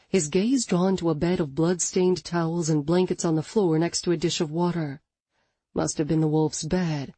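A woman narrating an audiobook in an expressive, dramatic scripted reading, close to the mic. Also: low voice, normal speed, breathy edge, no room sound.

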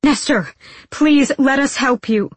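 An urgent young healer played by a woman pleads in a raised, husky voice. The reading sounds close and dry, like a storybook recorded near the mic. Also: a little high, expressive, normal speed, a little mellow, no echo, pitched above the performer's own voice.

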